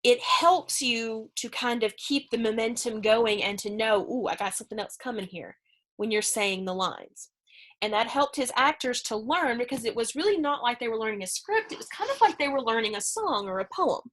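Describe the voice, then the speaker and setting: A woman's voice: fairly high pitch, animated, moderate pace, fairly bright tone. A woman teaching a middle school English lesson in a chatty, conversational way, explaining with fillers and asides. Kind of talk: recorded remote lesson.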